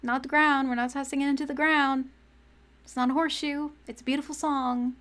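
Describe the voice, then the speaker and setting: A woman's voice: high voice, little pitch movement, brisk, a bit bright. A young woman streaming live, thinking aloud as she writes song lyrics, repeating phrases and trailing off as she searches for words. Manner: often laughs and trails off mid-thought. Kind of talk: casual live-stream chat.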